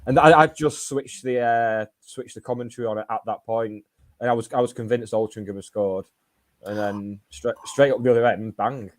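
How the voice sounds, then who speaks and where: Male podcast co-host, wry and deadpan, casual fan chat at a middling pitch. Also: moderate pace. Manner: dry, wry humour.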